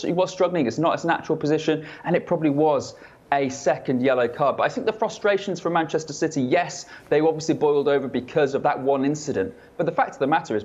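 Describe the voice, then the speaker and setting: A man chatting as a football reporter on a panel, animated and joking, with emphatic points. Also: medium pitch, dull audio. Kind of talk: studio panel chat.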